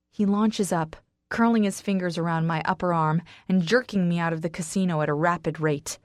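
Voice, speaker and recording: A woman narrating an audiobook in the first person, reading dramatically and with strong emotion, pushing into shouts in the dialogue. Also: lowish voice, moderate pace, no room sound, clean studio sound.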